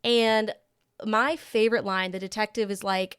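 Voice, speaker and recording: A woman's voice: medium pitch, steady tone, moderate pace, a bit bright, clean tone. A young woman co-hosting a podcast, animatedly retelling scenes and acting out dialogue, with lots of "like". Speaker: podcast co-host. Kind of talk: casual chat.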